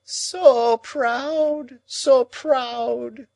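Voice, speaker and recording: A man doing a shrill, wailing old woman. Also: big pitch swings, slow pace, dry recording, heavily acted, rough recording. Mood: moaning. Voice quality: shrill, quavering, moaning. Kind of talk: audiobook character reading.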